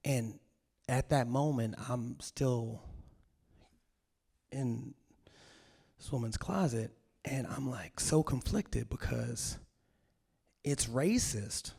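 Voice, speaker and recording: A male comedian telling a story live on stage in an animated, self-mocking way, acting out the scenes. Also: mid-range voice, slow, creaky, long pauses, slightly rough. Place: stage at a cultural center.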